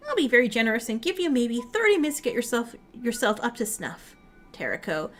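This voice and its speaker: A woman's voice: fairly high pitch, wildly swooping pitch, fairly quick, soft background music. A woman voicing a smug, gleefully callous mascot host of a deadly game, taunting the players.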